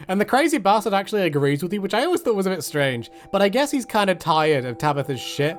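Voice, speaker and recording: A man's voice: high-pitched, very animated, fast, few pauses. A man giving casual, joking game commentary, chatty and swearing freely as he acts out the characters. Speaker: gaming video host.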